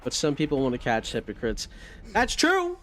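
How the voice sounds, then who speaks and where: A man's voice: on the high side, wildly swooping pitch, moderate pace, bright, forceful tone, slight background noise. A man streaming a video game, ranting and reacting in casual, profane commentary.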